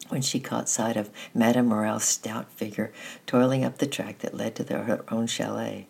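A storyteller reading a children's story aloud at a steady pace, sometimes restarting a phrase. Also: medium pitch, creaky, slightly rough. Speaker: narrator. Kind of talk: storybook narration.

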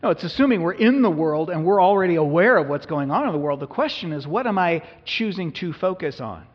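A man's voice: a little high, expressive, brisk, breathy edge. A male pastor preaching a sermon in a conversational way, often asking his listeners questions. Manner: conversational, asks the congregation questions. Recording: echoey hall, dull lo-fi sound.

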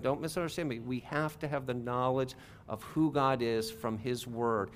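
A man's voice: mid-range voice, normal speed, a little hiss or hum. A middle-aged man preaching a sermon as pastor, in a conversational way with rhetorical asides and questions to the congregation.

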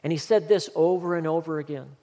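Male pastor, emphatic sermon delivery, a touch high-pitched, recorded with long reverb in a church sanctuary. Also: brisk, warm tone. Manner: earnest, emphatic preaching with scripture reading.

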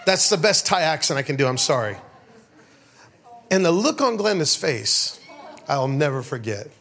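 A man's voice: fairly high pitch, big pitch swings, normal speed, vocal fry, fairly bright tone. A middle-aged man preaching a sermon to his church, telling funny stories and calling out to the congregation. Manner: storytelling, call-and-response with the congregation. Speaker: pastor. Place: church sanctuary.

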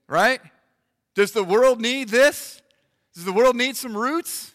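A man preaching in church, lively and animated, acting out little voices for the congregation. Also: very high-pitched, slow pace, no room sound, clean studio sound, in a large hall. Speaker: pastor. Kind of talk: sermon. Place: church hall.

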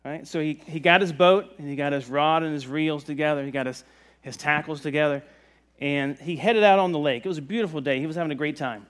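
A man from the Virginia mountains preaching a sermon in a relaxed, conversational way, joking with the congregation. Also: fairly high pitch, fast. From Virginia mountains, USA. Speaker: pastor. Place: church service.

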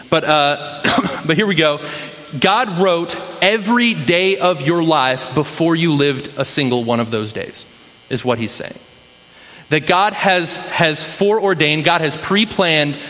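A man's voice: on the high side, sharp tone. A man preaching a sermon in a casual, conversational way, often checking in with the listeners. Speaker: pastor. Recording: long hall reverb.

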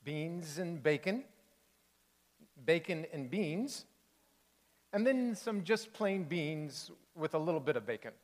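A man's voice: on the high side, lively intonation, takes it slowly, pauses often. A man voicing a blunt, honest male cowboy with a folksy drawl in a read-aloud storybook, in a reverberant hall. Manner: folksy drawl with "dang" and "ain't".

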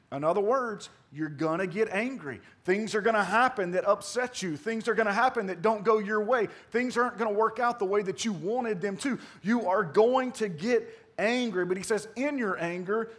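Man, high voice, pastor, conversational sermon, loud-to-hushed swings. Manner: conversational preaching with repeated "man".

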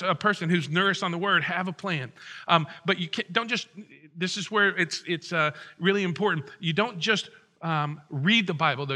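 A man's voice: high voice, sharp tone. A middle-aged man preaching a sermon as pastor, conversational and joking with his congregation.

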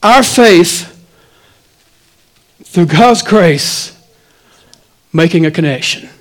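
A man, the pastor, preaching a sermon in a church, swinging between loud, animated stretches and quiet asides. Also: sits high, drawn-out words, low-quality recording.

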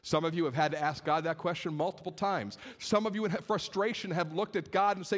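Expressive man preaching a sermon. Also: high voice, moderate pace, few pauses. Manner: expressive, swings between raised urgency and hushed gravity. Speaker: pastor.

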